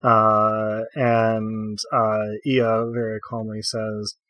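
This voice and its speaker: A man acts as game master in a tabletop role-playing game, narrating scenes in a relaxed, descriptive way. His voice sits on the low side. The sound is dry and close. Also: very slow, no room sound. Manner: relaxed, descriptive, frequent fillers.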